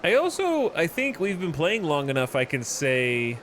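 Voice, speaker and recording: A man's voice: fairly high pitch, huge pitch swings, moderate pace, fairly bright tone, a little hiss or hum. A man streaming a strategy game, reading its event text aloud and adding wry asides. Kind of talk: casual gameplay commentary.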